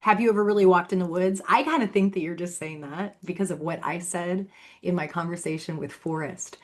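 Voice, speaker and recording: A woman's voice: fairly low pitch, fairly quick. A woman talking straight to the camera in a solo vlog, accusing and sarcastic, often mocking someone she addresses. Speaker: vlogger. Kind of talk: direct-to-camera monologue.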